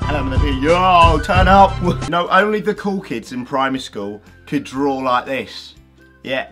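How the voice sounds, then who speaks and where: A young man, doing an energetic, jokey vlog monologue and swearing freely. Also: fairly high pitch. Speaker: YouTuber.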